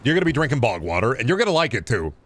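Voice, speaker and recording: A man's voice: medium pitch, very animated, very fast. A man streaming a video game, chatting casually and riffing on absurd jokes with plenty of profanity. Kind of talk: casual live-stream chat while gaming.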